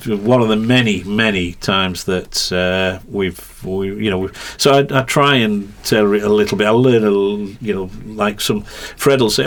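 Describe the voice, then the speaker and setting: Rambling race commentator, lowish voice. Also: male voice. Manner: rambling storyteller, many restarts, quick to laugh. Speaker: motorcycle racing commentator. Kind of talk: anecdotal podcast interview.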